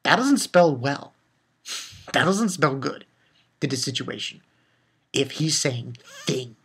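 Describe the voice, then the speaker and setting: A man giving a casual spoken review of a comic chapter, retelling it excitedly with swearing and lots of fillers. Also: mid-range voice, slow, husky. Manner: excitable, loose and profane, with many fillers. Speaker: manga reviewer.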